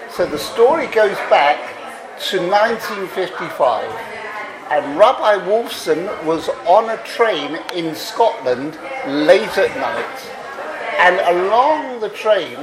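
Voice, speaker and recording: Animated male storyteller in a roomy hall. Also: sits high, background noise. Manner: animated, drawn-out storytelling with laughter. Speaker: storyteller speaking to a gathering. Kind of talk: storytelling talk.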